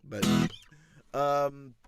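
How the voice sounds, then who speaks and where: A man's voice: medium pitch, steady tone, drawn-out words. A man chatting casually on a live stream from his home music studio, easygoing and self-deprecating.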